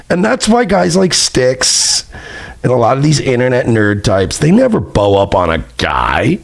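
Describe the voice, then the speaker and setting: A man's voice: mid-range voice, wildly swooping pitch, measured pace, vocal fry. A man hosting a reaction commentary. He talks in a mocking, profane and heated way. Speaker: commentary host.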